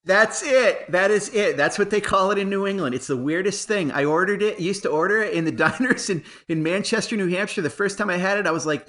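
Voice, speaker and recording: A man co-hosting a racing interview show, lively and quick to laugh. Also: high voice. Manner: lively, laughing, animated retelling. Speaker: podcast co-host. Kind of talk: casual interview.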